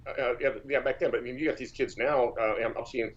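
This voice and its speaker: A man's voice: medium pitch, steady tone, quick pace, lo-fi sound. A man from Texas, a powerlifter, telling long casual stories in an interview, with many false starts and repeats. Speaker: powerlifter guest.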